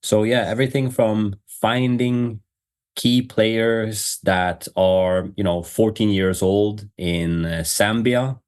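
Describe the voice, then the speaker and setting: A man with a fairly low voice chats through a podcast segment in a loose, rambling way. He leans on fillers and breaks into quick laughs. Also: darkish tone, clear, resonant tone. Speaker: podcast host. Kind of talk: casual podcast chat.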